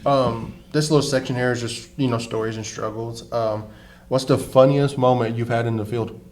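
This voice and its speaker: A man hosting a podcast, asking casual questions in a relaxed, hesitant way with fillers. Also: mid-range voice, moderate pace. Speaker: podcast host.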